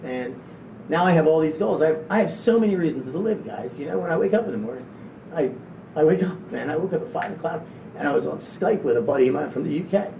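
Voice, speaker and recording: Gravelly man rambling in an echoey room. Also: lively intonation, fast, dark tone. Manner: rambling, stumbling over repeated words. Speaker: motivational speaker. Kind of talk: live motivational talk to an audience. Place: event room. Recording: echoey room from a distance, faint low rumble.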